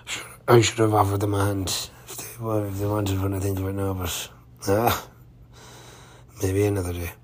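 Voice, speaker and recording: Low, flat-voiced man. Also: moderate pace, long pauses. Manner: rambling and chatty, with many fillers and restarts. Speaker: touring cyclist vlogger. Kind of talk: casual travel-diary narration.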